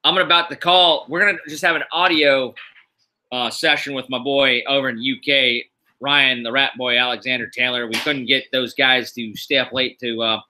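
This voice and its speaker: The rough recording captures a middle-aged East Coast man hosting a wrestling show on a home live stream. His mid-range voice stays steady and sharp at a moderate pace as he rambles casually with many fillers, sounding tired but upbeat.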